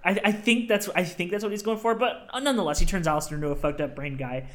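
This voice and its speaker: A podcast co-host in casual chat, enthusiastic and quick to laugh while recapping a movie with a friend. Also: mid-range voice.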